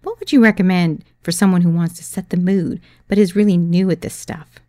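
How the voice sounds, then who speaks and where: A woman voicing a shy, nervous newlywed woman who speaks in a hushed, hesitant way. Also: on the low side, fairly even intonation, brisk, no echo, clean studio sound, natural voice.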